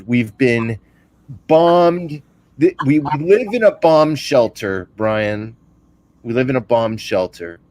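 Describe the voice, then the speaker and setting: A man in casual video-call conversation, talking in a halting, lecturing way. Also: mid-range voice, darkish tone, no room sound. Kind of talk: casual chat.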